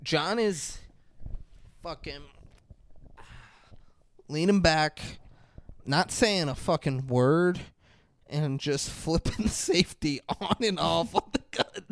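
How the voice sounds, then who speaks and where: A man co-hosting a podcast, casually and profanely retelling movie scenes in an animated way. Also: fairly high pitch, slow, creaky, pauses often. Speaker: podcast co-host. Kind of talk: casual movie review chat.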